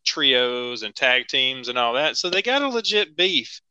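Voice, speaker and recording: A man talks through wrestling matches in a relaxed podcast chat, recapping the action move by move. His voice is bright and forceful, and its pitch swings widely. The sound is dry and close, with no room echo. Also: measured pace, smooth, muffled recording. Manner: chatty, laughs often, play-by-play recaps. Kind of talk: casual chat.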